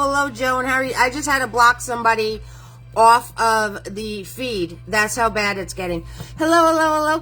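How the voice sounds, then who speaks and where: A woman's voice: on the high side, fairly bright tone. A middle-aged woman hosting a live painting class, greeting viewers by name in a bubbly, chatty way. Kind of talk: casual livestream painting lesson.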